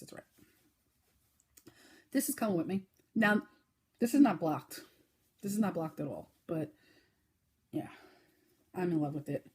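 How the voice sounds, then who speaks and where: A woman's voice: darkish tone, breathy edge. Chatty woman hosting a craft podcast. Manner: chatty, fast-talking, with fillers and sudden high baby-talk bursts. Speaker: podcast host. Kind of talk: casual crochet podcast chat.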